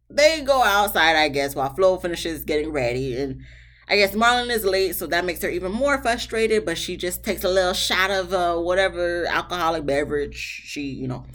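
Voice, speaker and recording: Lively sassy woman recapping reality TV. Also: lowish voice, moderate pace. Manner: animated, sassy, talks back to the cast. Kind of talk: casual TV recap commentary.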